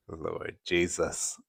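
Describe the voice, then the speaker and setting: A man's voice: low voice, gravelly, fairly bright tone, slightly rough, dry recording, studio quality. A man hosting a live stream, chatting casually with viewers, laughing often as he answers the chat. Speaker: livestream host.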